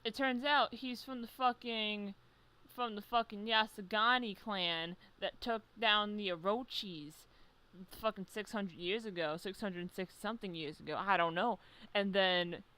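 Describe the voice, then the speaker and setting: Bright, crisp, profane rambling storyteller. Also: medium pitch, moderate pace, no room sound, low-quality recording. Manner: profane, rambling, self-interrupting. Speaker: video creator. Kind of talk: rambling comic recap from memory.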